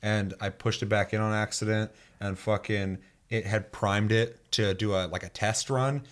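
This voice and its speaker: A young man with a lowish voice hosts a casual gaming podcast. He reads listener comments aloud and jumps into animated, profane stories. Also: moderate pace. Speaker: podcast host. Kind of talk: casual chat.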